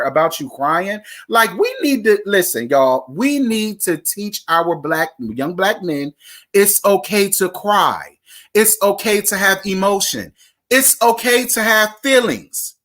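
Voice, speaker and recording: A reality TV recap host giving blunt, profane opinions in a casual, chatty way. The voice sits at a middling pitch and keeps talking straight to the viewers. It swings suddenly between fast, high outbursts and slower, lower asides. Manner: animated, with sudden jumps in pitch and speed.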